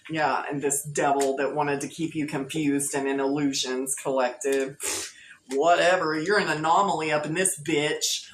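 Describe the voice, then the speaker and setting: A woman with a lowish voice chats her way through a tarot reading, playful and slangy. The sound is roomy and echoey, with a faint hum of ambience behind her. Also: fairly bright tone. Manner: playful, laughing, slangy, sings snatches of songs. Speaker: tarot reader.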